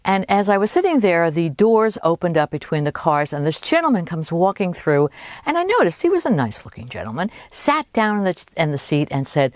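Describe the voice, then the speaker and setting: A woman coach telling a personal anecdote in an animated, conversational way. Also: lowish voice, fairly quick, dry recording. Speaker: holistic health coach. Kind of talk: personal storytelling.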